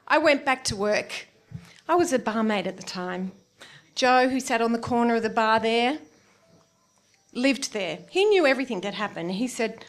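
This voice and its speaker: A woman with an Australian accent telling a self-mocking comic story on stage at a live event. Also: normal speed. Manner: animated, self-mocking, with big swoops into high exclamations.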